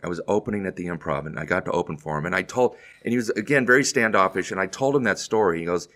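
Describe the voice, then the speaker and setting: A man's voice: low voice, fast talker. A middle-aged man, a comedian guest, telling a story casually and acting out the quotes as he goes. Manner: animated anecdote teller, acts out quotes.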